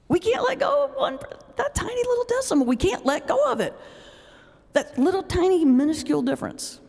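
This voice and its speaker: A woman pastor giving a humorous lecture, telling lively stories and laughing often as she speaks. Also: medium pitch. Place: lecture hall. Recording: long hall reverb.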